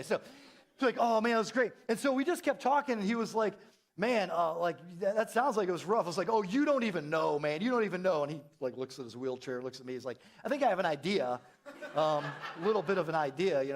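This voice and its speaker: A middle-aged man, a pastor, telling a story in a sermon and acting out the dialogue with big jumps in his voice. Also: quick pace. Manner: animated, acts out dialogue with big pitch jumps. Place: church.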